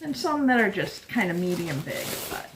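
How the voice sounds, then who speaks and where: A woman's voice: mid-range voice, very animated, moderate pace, background noise. A woman vlogging from her home kitchen, chatting casually and poking fun at herself as she explains a kitchen project. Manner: chatty and self-deprecating. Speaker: homesteading vlogger. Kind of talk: casual vlog narration.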